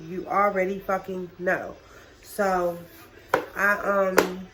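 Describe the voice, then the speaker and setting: A young woman telling a wild personal story to her camera in a casual vlog, profane and animated, full of slang. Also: medium pitch, low-quality recording. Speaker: vlogger.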